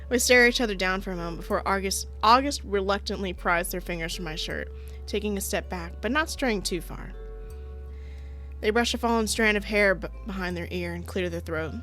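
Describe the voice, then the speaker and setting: A woman streams a visual novel as a gaming streamer, reading it aloud and adding playful, giggly commentary. Her voice is medium-pitched and fairly bright, at a moderate pace, with soft music in the background.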